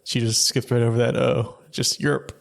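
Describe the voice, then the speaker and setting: A man with a gravelly, fry-heavy voice co-hosts a casual film podcast. He speaks in short, laid-back remarks into his microphone. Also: mid-range voice, monotone, normal speed. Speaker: podcast co-host. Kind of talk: casual film review chat.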